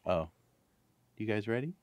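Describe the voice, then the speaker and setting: A man's voice: lowish voice, expressive, unhurried, no room sound. A man co-hosting a casual podcast, rambling and playful, who breaks into silly voices now and then. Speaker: podcast co-host. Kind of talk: casual chat.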